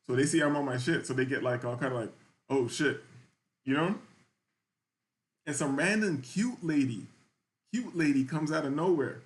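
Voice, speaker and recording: A man's voice: fairly high pitch, moderate pace, long pauses. Laid-back man telling a slangy story. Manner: loose and slangy, keeps asking "you feel me". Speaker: podcast host. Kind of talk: casual storytelling.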